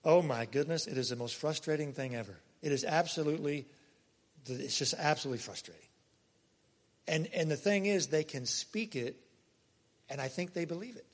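A pastor delivering a conversational sermon, swinging between loud emphasis and soft, quiet asides. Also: male voice, fairly high pitch, moderate pace. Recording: long hall reverb.

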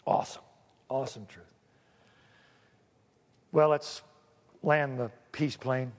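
A pastor preaching a sermon, joking one moment and pleading solemnly the next. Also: male voice, mid-range voice, fairly even intonation, takes it slowly, long pauses, darkish tone, big-room sound.

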